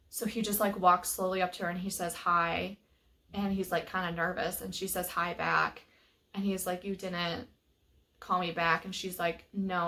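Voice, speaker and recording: A woman's voice: mid-range voice, fairly bright tone. A young woman casually reviewing a book, retelling the scenes in a chatty way full of quoted dialogue and fillers.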